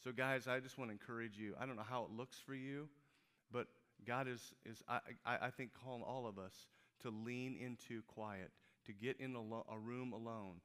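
A male pastor from Peoria, Illinois, preaching a sermon in an animated storytelling way, with frequent halting restarts. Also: mid-range voice, clean tone. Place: church.

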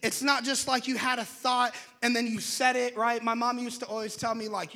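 A young man preaching a sermon in an animated, conversational way, in a large church hall. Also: very high voice, moderate pace, few pauses. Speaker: pastor. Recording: long hall reverb.

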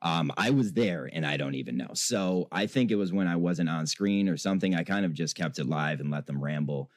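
A man's voice: low-pitched, animated, brisk, dry recording. A man hosting an online show, talking casually, laughing often and swearing freely. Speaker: show host. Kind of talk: casual chat.

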